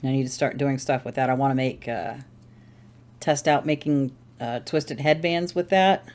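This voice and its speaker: A woman's voice: extremely low pitch, moderate pace, darkish tone. Rambling woman chatting while she knits. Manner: rambling, self-correcting, thinking aloud. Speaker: crafting channel host. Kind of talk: casual chat while knitting. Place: at home.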